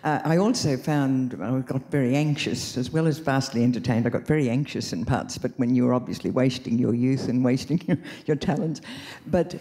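An audience member at a festival talk asking the author a question in a halting, earnest way. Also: medium pitch, mellow.

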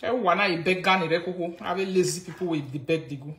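A woman's voice: on the low side, fairly quick, roomy sound. A Nigerian woman ranting casually on a live video in mixed Pidgin and local languages. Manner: mixes Pidgin and local languages, mocking, animated. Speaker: social media commentator.

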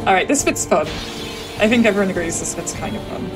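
A woman's voice: mid-range voice, expressive, fast, poor audio. A woman who is sick, chatting through her live speedrun with a loose, laughing manner and lots of ums. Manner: chatty, laughs often, thinks aloud with many ums. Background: game music.

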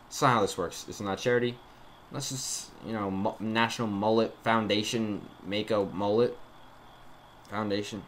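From a dark room at home, a young YouTuber with a fairly low, steady voice comments on a horror game at a moderate pace, his tone fairly bright. He jokes and chats directly with viewers, using a desk mic and a face cam.

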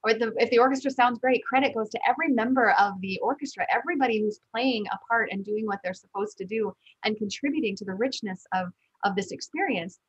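Woman host, earnest conversational interviewer, husky and slightly high, dry lo-fi sound. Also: quick pace, hardly any pauses, no echo. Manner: earnest, repeats words as she thinks aloud. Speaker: podcast host.

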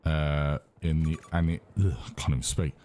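Very deep-voiced man, Brummie-Irish accent. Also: level tone, dark tone, a little hiss or hum. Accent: mix of Birmingham and Irish. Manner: sweary, laughing banter and rushed call-outs. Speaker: teammate. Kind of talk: casual gaming chat.

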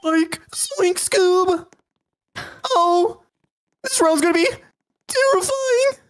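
A man doing an impression of a goofy, jittery young male cartoon slacker, with a squeaky, cracking voice that drags out words. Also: lively intonation, very slow, dry recording, full character voice. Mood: goofy scared. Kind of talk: voice impression during a game stream.

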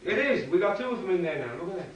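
A man's voice: high voice, sing-song, quick pace, lo-fi sound. A man performing as a clown entertainer, telling a playful story and doing a magic trick for children, chatty and teasing. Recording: echoey, distant, noisy venue.

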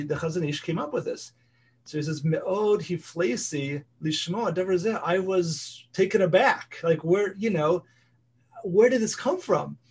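A man's voice: a little high, husky. A man teaching a casual study group, reading passages aloud and explaining them in plain English with frequent fillers. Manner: reads Hebrew text then explains it in English, with fillers. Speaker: Torah class teacher.

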